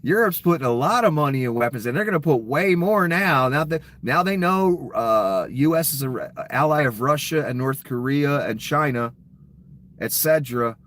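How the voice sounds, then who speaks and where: A man's voice: on the high side, lively intonation, moderate pace, fairly bright tone. A man delivering an angry, profane political rant. He is scornful and sarcastic, and he stops to read headlines aloud. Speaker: political commentator.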